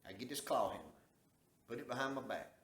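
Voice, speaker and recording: A man's voice: medium pitch, quick pace, a bit bright. Folksy Southern man in an echoey room. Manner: folksy, drawling, acts out quoted dialogue. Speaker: storyteller. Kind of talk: casual storytelling.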